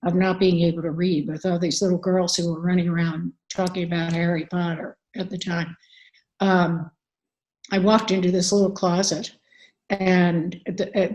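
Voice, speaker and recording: An older woman with a lowish voice, heard on a low-quality recording, is a guest who works as an advocate and author. In a conversational interview, she tells stories earnestly and candidly, using fillers throughout.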